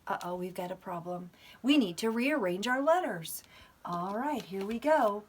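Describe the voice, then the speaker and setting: An older woman teaching a children's lesson, sounding out letters slowly and animatedly for small children. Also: mid-range voice, lively intonation, husky. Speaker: preschool teacher.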